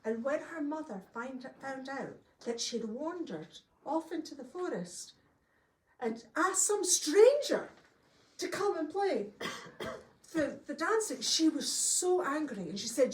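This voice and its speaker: A woman telling a folk tale to a live audience, lively and laughing often as she acts out the voices. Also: sits high, slow pace. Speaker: storyteller. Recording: roomy, from a distance, faint ambience.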